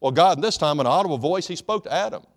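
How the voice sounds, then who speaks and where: A man's voice: on the high side, lively intonation, fast. A man preaching a sermon in a folksy, joking way, calling for amens. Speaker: pastor.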